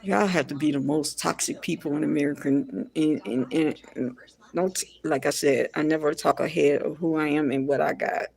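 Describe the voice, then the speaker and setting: A woman's voice: low voice, moderate pace, gravelly, darkish tone. A woman giving ranting pop culture commentary in a blunt, repetitive and exasperated way.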